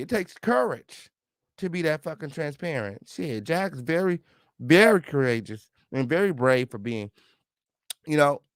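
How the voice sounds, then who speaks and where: A man's voice: fairly high pitch, no room sound, clean studio sound. A man hosting a live stream, chatting casually with viewers and reading comments, sassy and heated, swearing freely.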